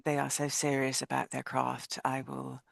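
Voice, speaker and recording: A woman's voice: extremely low pitch, completely flat delivery, moderate pace, gravelly, no room sound. A woman player speaking in character in a tabletop game, hesitant and prone to restarting her sentences. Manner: hesitant, with repeated starts.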